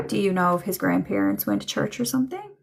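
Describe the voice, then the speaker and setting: A woman doing a live psychic reading for chat viewers, slow and musing, with many ums and trailing thoughts. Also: medium pitch, wildly swooping pitch, creaky, background noise. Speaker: psychic medium.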